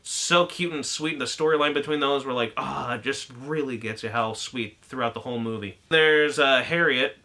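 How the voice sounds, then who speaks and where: A man's voice: mid-range voice, bright, forceful tone. A man giving a casual, rambling spoken film review, laughing often and acting out lines from the movie. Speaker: anime reviewer.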